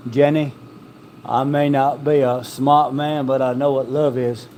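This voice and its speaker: A man doing an impression of a slow, simple-hearted, earnest Southern man, drawing each word out. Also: medium pitch, flat delivery, darkish tone, slight background noise, natural voice. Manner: slow, drawn-out earnest delivery.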